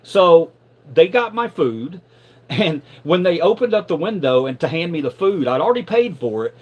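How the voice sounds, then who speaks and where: A middle-aged man tells a story live, his voice leaping up and down with feeling. He sits a little higher than most men and swears freely, stammering over repeated words whenever he gets riled. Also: moderate pace, lo-fi sound. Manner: animated, profane, repeats words when riled. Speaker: live streamer. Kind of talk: casual storytelling.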